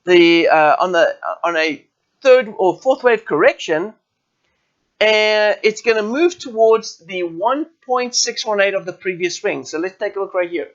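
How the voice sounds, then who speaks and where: A South African forex trading educator with a high, expressive voice walks viewers through a live trading chart session at a measured pace. He talks informally and checks in with his audience often, and the audio sounds dull.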